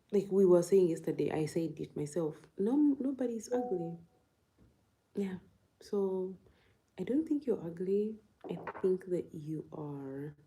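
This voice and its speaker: A woman's voice: fairly low pitch, mellow, slight background noise, low-quality recording. A young woman from Uganda chatting casually on a livestream, laughing often and answering viewer comments. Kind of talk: casual live-stream chat.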